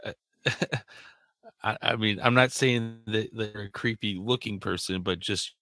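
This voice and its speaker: A man with a very deep voice and a bright, forceful edge conducts the interview. His sound is dry and close, and he rambles hesitantly through many fillers. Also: a little slow, dry recording. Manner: rambling, hesitant, laughs often. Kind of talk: casual interview.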